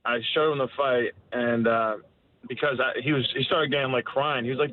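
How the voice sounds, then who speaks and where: A man in his thirties, a fighter being interviewed, talking candidly with halting restarts. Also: medium pitch, steady tone. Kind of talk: casual interview answers. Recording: tinny phone line with faint noise.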